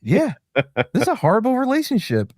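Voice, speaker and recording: A man's voice: high voice, huge pitch swings, moderate pace, darkish tone, dry recording. Man, co-host, short dry quips, casual chat, dry close sound. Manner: dry, quippy reactions. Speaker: stream co-host. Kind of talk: casual commentary.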